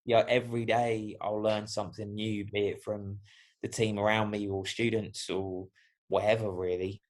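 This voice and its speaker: Male podcast guest, fairly low voice, thoughtful and meandering. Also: little pitch movement, normal speed. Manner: reflective, rambling, many fillers. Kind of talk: casual podcast chat.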